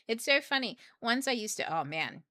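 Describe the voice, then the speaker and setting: A woman's voice: on the high side, bright, forceful tone, no echo. A young adult woman hosting a book club, talking casually and reflectively, laughing often and acting out her own thoughts.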